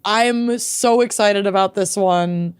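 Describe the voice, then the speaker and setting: A woman's voice: mid-range voice, slow pace, clean tone, no room sound, clean studio sound. A woman co-hosting a podcast in casual chat, playful and chatty, stretching words for emphasis. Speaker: podcast co-host.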